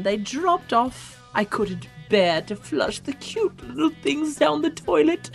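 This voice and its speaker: A woman co-hosting a comedy show, reading letters aloud in put-on voices and bantering. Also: fairly bright tone. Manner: swoops between high and low put-on voices.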